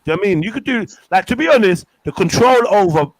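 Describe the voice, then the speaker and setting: A man hosting a livestream, talking in animated, slang-heavy banter with friends. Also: high-pitched, fast, dry recording. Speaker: livestream host. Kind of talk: casual group chat.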